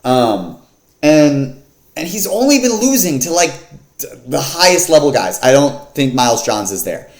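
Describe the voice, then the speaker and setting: A man's voice: on the high side, sing-song, measured pace. A man casually breaking down an MMA fight card in slangy, filler-heavy talk. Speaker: MMA fight picks vlogger. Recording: echoey room.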